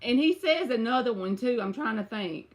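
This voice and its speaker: A woman reads tarot for viewers in a relaxed, talkative way. Her voice sits a bit high, and she drops in y'all and bruh as she goes. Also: moderate pace. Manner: casual, chatty, uses y'all and bruh. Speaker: tarot reader. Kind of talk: live-stream tarot reading.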